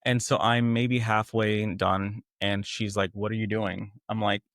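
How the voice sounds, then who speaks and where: Low-voiced young man telling his story. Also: little pitch movement, a little slow, a bit bright, no room sound, clean studio sound. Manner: conversational, quotes others in acted voices. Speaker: guest. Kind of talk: candid personal storytelling.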